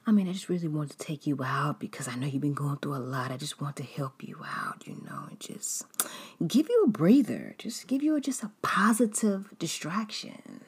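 A woman voicing a gushing, fake-sympathetic female friend who talks high, breathy and overly sweet. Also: wildly swooping pitch, normal speed, heavily acted. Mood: sugary.

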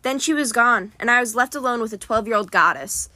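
A woman narrating a first-person novel in a steady storytelling read. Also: fairly high pitch, a little fast, dry recording. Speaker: audiobook narrator.

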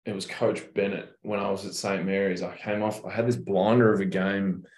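A man's voice: deep voice, little pitch movement, brisk, a little mellow. A young Australian man in a casual interview, telling laid-back stories and swearing freely. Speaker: professional basketball player, guest. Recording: roomy echo.

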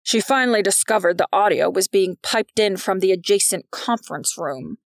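A woman voicing a stern older male vice principal who speaks in a grave, self-important way, with a gravelly tone. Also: medium pitch, expressive, moderate pace, dry recording, studio quality, natural voice. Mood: lecturing.

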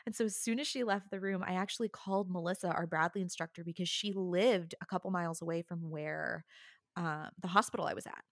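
A woman's voice: on the low side, fast talker, no room sound, studio quality. A woman recounting a personal story in casual conversation as an interview guest, bringing the people she quotes to life. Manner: animated, acts out the other people she quotes.

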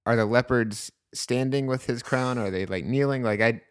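A man co-hosting a casual book discussion, talking in a thoughtful, measured way. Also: mid-range voice, smooth, no room sound, clean studio sound. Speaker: podcast co-host.

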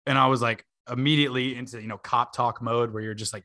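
A man's voice: medium pitch, fairly even intonation, quick pace, pushed and bright. A man in his twenties, a podcast host, telling a long story in a casual way, full of fillers and laughing asides.

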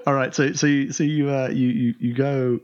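A man narrating as game master of a tabletop game, halting with many restarts. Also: mid-range voice, flat delivery, a little mellow. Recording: muffled lo-fi recording.

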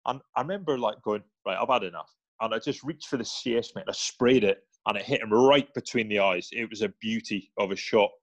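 A man, a former soldier, telling animated anecdotes in a casual interview, slipping into quoted voices and restarting his sentences. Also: lowish voice, fairly quick, hardly any pauses, no room sound, highs cut off.

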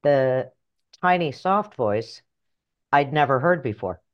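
A middle-aged woman author and life coach telling her story in an interview, animated and blunt, acting out voices in her head. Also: a bass voice, slow pace, dull audio. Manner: animated, acts out inner voices, earthy phrasing.

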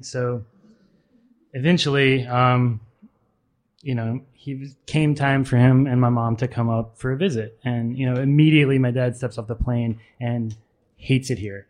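A man's voice: medium pitch, steady tone, moderate pace, a little mellow. A man at a live literary reading in a pub carriage house, nervously telling a rambling anecdote full of ums and restarts. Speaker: author reading at a literary event.

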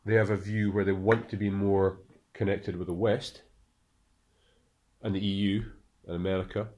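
A man's voice: low voice, level tone, moderate pace, a little mellow. A man in casual conversation who asks curious questions and double-checks the meaning of terms.

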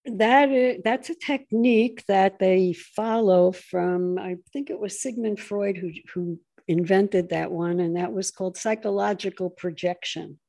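Mellow-voiced woman, animated political talk. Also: unhurried, vocal fry, hardly any pauses. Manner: animated, mocks opponents in shrill voices. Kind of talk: political conversation.

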